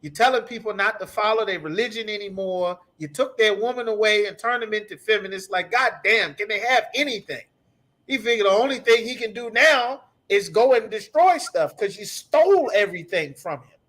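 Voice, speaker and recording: A man's voice: sits high, brisk, fairly bright tone. A man teaching a scripture class, ranting in an emphatic, profane, repetitive way. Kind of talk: heated scripture breakdown.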